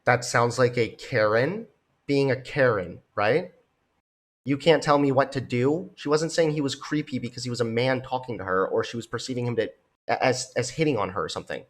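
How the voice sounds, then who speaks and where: A man's voice: mid-range voice, brisk. Blunt, swearing young man commentator. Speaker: commentator reacting to podcast clips. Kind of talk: reaction commentary.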